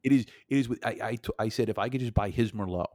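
A man's voice: fairly low pitch, fast talker, a little mellow, no room sound, clean studio sound. A man, a podcast guest in casual chat, emphatic but hesitant and often correcting himself.

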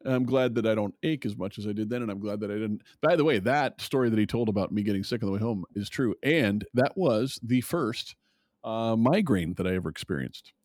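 A man in his fifties hosting a podcast in casual chat, relaxed and rambling, quick to laugh. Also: lowish voice, no echo, clean studio sound. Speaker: podcast host.

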